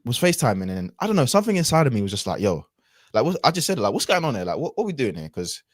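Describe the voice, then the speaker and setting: A man's voice: mid-range voice, sing-song, quick pace, no room sound, studio quality. A man, a podcast guest telling a personal story in a casual, reflective way with lots of fillers and restarts.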